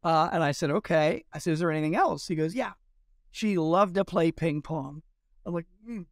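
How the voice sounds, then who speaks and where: Smooth-voiced man telling stories. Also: on the high side, moderate pace, dry recording, clean studio sound. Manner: lively anecdotes with quoted dialogue. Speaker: historian. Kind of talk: storytelling in an interview.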